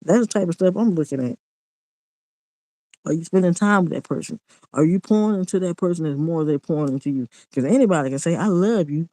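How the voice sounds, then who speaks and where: A man's voice: a little high, fast talker, warm tone, no echo, low-quality recording. A man, ranting in a casual monologue vlog, blunt and preachy and repeating himself.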